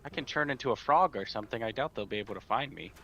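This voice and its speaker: Bright-voiced eager man player. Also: mid-range voice, animated, rapid-fire, muffled recording, slight background noise. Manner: eager, stumbling, laughing. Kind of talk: casual chat in a tabletop game.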